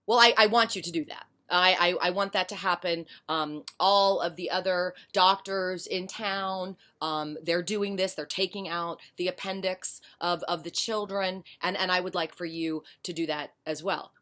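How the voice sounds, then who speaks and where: A woman acting out an entitled, pushy parent who stammers through demands and keeps insisting because she pays for the service. The voice comes out loud and a little raised in pitch. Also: fairly even intonation, moderate pace, hardly any pauses. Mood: insistent.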